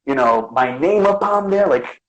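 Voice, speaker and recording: Animated Bronx man telling stories. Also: a little high, normal speed, highs cut off. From the Bronx, New York. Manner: animated storyteller, acts out quotes. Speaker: guest artist. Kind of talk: casual interview chat.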